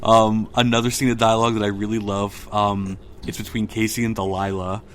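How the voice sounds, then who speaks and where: A man's voice: lowish voice, little pitch movement, fairly quick, slight background noise. A young adult man hosting a pop culture podcast, talking casually with frequent fillers and reading film dialogue aloud. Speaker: podcast host.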